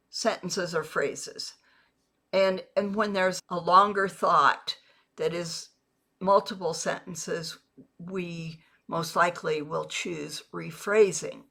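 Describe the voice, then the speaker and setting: A woman who works as a network marketing mentor, teaching a video lesson in a measured, deliberate way and repeating example phrases. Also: mid-range voice, fairly bright tone.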